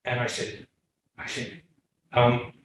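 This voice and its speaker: A man giving a storytelling lecture to a live audience on coastal science, lively and acting out the dialogue in his anecdotes. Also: slow pace, a little hiss or hum. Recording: echoey room, heard from far off.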